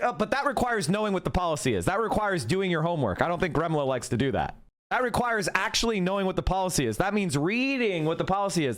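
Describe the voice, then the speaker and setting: A man's voice: high voice, fairly bright tone. A man hosting a political livestream, talking casually and argumentatively while reacting to clips and chat. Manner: argumentative, fast-shifting, repeats points. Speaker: political streamer.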